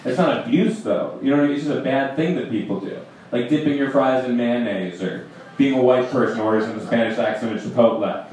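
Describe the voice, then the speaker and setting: A man's voice: mid-range voice, fast talker, darkish tone, a little hiss or hum. A young man doing a wry, self-deprecating stand-up set with crowd work on a live stage. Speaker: stand-up comedian guest. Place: comedy stage, live audience. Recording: roomy live venue with crowd from mic distance. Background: audience laughter.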